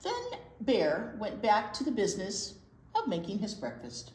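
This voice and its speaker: A woman, a children's librarian, reading a picture book aloud to young children and pausing to talk about the pictures. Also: mid-range voice. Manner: unhurried, expressive reading to young kids. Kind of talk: children's read-aloud storytime. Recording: roomy echo.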